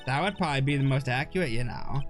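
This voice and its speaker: Guy putting on a ditzy valley girl witness, like, like every other word, lively up and down. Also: mid-range voice, quick pace, soft background music, natural voice. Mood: airheaded. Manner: drawling, filled with "like".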